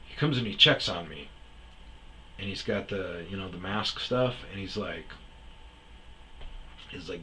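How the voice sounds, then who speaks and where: Low-pitched man telling a forceful story. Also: unhurried, pauses often, a little hiss or hum, low-quality recording. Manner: rambling, acts out other people's lines, frequent restarts. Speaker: podcast host telling his own stories. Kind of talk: casual storytelling.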